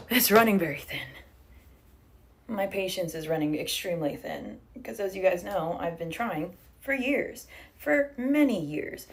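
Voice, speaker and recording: Chatty young woman streaming from home. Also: on the low side. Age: young adult. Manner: chatty, swears casually, reads out viewer comments. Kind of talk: casual livestream chat while braiding hair. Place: living room at home.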